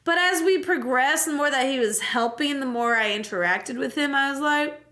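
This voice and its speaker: A young woman streamer giving a casual, jokey and profane recap of a game, telling it with animated energy. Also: sits high, normal speed.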